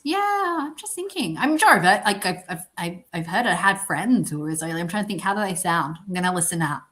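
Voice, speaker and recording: A woman's voice: fairly low pitch, animated, brisk, a bit bright. A woman, hosting a casual livestream chat and laughing often. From Australia. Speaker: podcast host.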